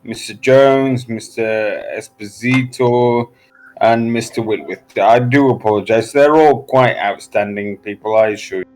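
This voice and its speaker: A man's voice: fairly low pitch, unhurried, a little mellow, faint music behind, poor audio. Polite, formal man playing a character. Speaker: player. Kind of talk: in-character role-play.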